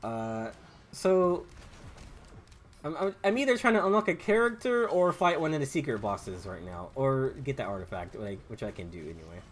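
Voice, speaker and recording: This gaming YouTuber is a young man with a Southern US accent, talking over faint game music as he plays, rambling and stumbling through restarts. His medium-pitched voice has a sing-song lilt and a moderate pace, with a bit of hiss or hum in the background.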